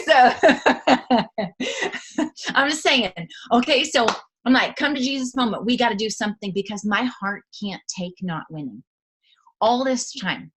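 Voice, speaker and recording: A woman's voice: mid-range voice, fairly bright tone. A woman giving a motivational talk to her sales team in a chatty, folksy, emphatic way. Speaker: network marketing team leader.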